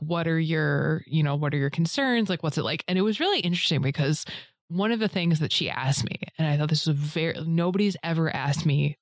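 A woman's voice: sits low, dry recording. Rambling woman in casual chat. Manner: rambling storyteller, many fillers, acts out others in a raised voice.

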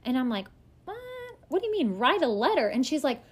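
A woman in her thirties, a podcast guest, telling a story in lively casual chat and acting out what other people said. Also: high-pitched, husky. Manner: lively, quick to act out other people's lines.

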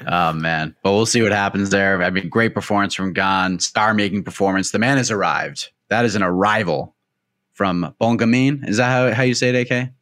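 Low-voiced man hosting a sports panel. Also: moderate pace, a bit bright, dry recording, studio quality. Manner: brief, moves the talk along. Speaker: host. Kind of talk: casual sports chat.

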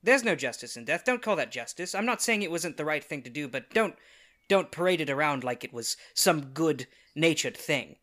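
A tabletop player voices his character, a man with a fairly high voice. He often speaks in character with heated, emphatic lines, then drops into quiet, earnest talk. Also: expressive, normal speed. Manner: swings between heated outbursts and quiet, sincere speech. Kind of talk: playing a character in a tabletop game.

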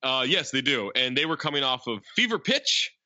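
A man hosting a movie podcast, reading intros and credits in a brisk listing way. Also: medium pitch, big pitch swings, pushed and bright, no echo, highs cut off. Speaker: podcast host. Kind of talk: casual podcast movie chat.

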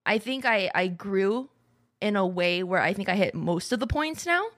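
A woman's voice: medium pitch, lively intonation, normal speed, fairly bright tone. Easygoing young woman podcast co-host. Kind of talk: casual chat.

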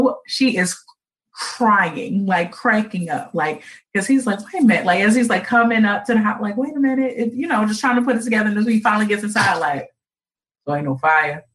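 A woman's voice: medium pitch, fairly bright tone, poor audio. A woman hosting a casual live stream, telling a funny family story to her viewers, laughing often.

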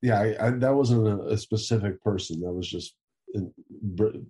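Low, mellow-voiced young man rambling. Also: normal speed. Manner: rambling, laughs often, swears casually. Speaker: interview guest. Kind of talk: casual chat. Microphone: video call.

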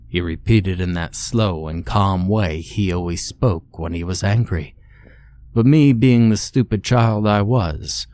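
A man narrating a horror story in a measured, grim first-person telling. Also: deep voice, a little mellow.

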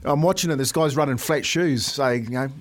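A man's voice: medium pitch, brisk. A man co-hosting a sports radio show, telling yarns in casual banter and calling everyone "mate". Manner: animated yarn-spinner, peppers talk with "mate". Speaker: sports radio co-host and player. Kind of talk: casual sports chat, storytelling.

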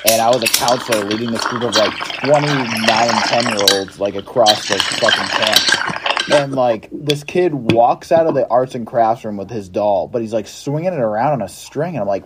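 A man's voice: medium pitch, fairly quick, very noisy. Young guy telling a wild story. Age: young adult. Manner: animated, swears, acts out his own outbursts. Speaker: former camp counselor. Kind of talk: casual storytelling.

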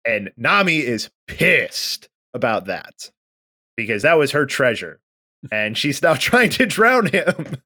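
A man co-hosting a podcast, casually recapping a manga and acting out the characters' lines with lively energy. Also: medium pitch, slow pace, no room sound, studio quality. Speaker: podcast co-host.

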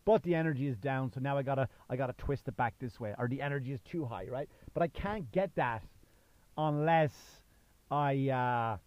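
On his solo podcast, a stand-up comedian in his thirties chats and rambles, full of fillers and restarts, his Irish accent worn down by time in the US. He speaks at a moderate pace in a medium-pitched voice, with no room sound and a muffled quality.

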